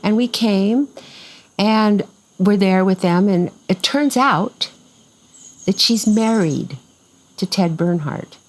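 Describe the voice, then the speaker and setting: An older woman who cofounded a farm tells a story during a casual interview, animatedly acting out the voices of the people involved. Her mid-range voice is slow, with long pauses, and the recording quality is low.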